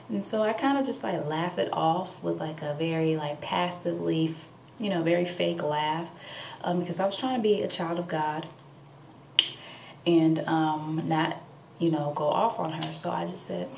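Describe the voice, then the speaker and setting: Speaking at a measured pace, a tired vlogger in her twenties vents to the camera late at night indoors at home, chatty and heavy on fillers. Her voice is lowish, creaky and a little mellow, captured far from the mic. Echo and faint background noise fill the room.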